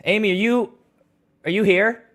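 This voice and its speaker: A man's voice: high voice, fairly even intonation, normal speed, a bit bright. A man hosting a casual livestream, reading viewer comments aloud and telling loose, crude jokes into a studio microphone. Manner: loose, joking and rambling, with crude humor. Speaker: DJ and livestream host.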